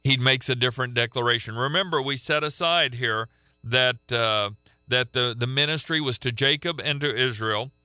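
A man teaching a radio sermon, emphatic, repeating key phrases and slowing down to stress words. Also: medium pitch, bright, forceful tone, smooth, no room sound.

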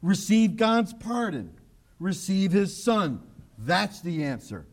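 A man preaching a sermon in a high voice. He talks emphatically and keeps repeating himself, and now and then he drops low and quiet for an aside. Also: big pitch swings, takes it slowly. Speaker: pastor. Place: church broadcast on radio and online.

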